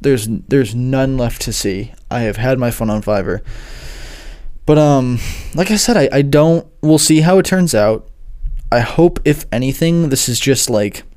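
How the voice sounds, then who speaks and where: A man's voice: medium pitch, animated, measured pace, a little mellow. Rambling, foul-mouthed young guy telling a story. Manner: rambling, heavy swearing, lots of fillers. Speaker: music producer and online tutor. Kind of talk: casual storytelling monologue.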